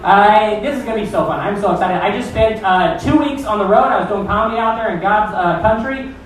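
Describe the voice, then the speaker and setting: In a comedy club, an Iowa man hosting a stand-up show does rambling, profane, self-deprecating crowd work. His voice is high-pitched and brisk, recorded from far off in an echoey room.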